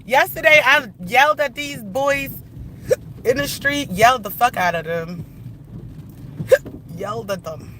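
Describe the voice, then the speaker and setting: A man with a notably high voice rants combatively to his live-stream viewers, swearing freely as he drives. He talks into a phone inside a moving car, and loud road noise runs under every word. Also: takes it slowly, long pauses. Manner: profane, combative ranting. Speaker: livestreamer. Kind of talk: live-stream rant while driving.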